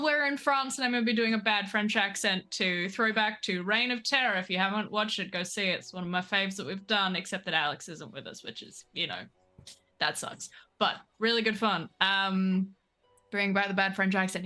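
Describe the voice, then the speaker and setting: A woman's voice: mid-range voice, moderate pace, sharp tone. A woman in her thirties, a player in a tabletop game, chatting in a frank and jokey, self-deprecating way. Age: 30s. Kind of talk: casual chat.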